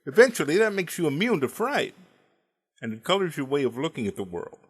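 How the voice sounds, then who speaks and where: A man's voice: a little high, sing-song, a little fast, husky. Wry middle-aged man telling funny stories. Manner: dry, wry delivery with punchline timing. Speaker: storyteller. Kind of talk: comedic storytelling monologue.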